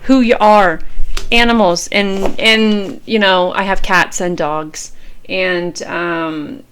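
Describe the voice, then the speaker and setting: A woman in her fifties, a tarot reader, gives a fervent, preachy motivational monologue slowly in a medium-pitched, fairly bright voice with fairly even intonation. There's slight background noise, and she repeats phrases and swears freely to spur her viewers on.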